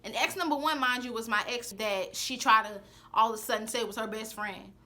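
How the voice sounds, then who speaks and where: A young woman with a high, bright voice tells a personal story to camera. She talks in a sassy, animated way and slips into other people's voices to act out what they said. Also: fairly quick. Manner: sassy, animated, acts out the quoted lines. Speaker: vlogger telling a personal story. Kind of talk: casual storytime chat.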